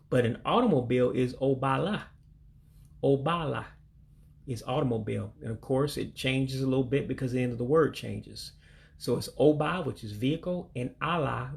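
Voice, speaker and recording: A man from the United States leading a casual vocabulary lesson, slowly and carefully repeating foreign words and explaining them plainly. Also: mid-range voice, vocal fry. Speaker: language learner teaching vocabulary.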